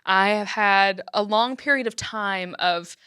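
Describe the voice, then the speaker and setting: A woman's voice: medium pitch, unhurried, bright, forceful tone, smooth, dry recording, clean studio sound. A woman with a Southern US accent hosting a podcast, chatting casually, teasing and laughing often. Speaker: podcast host.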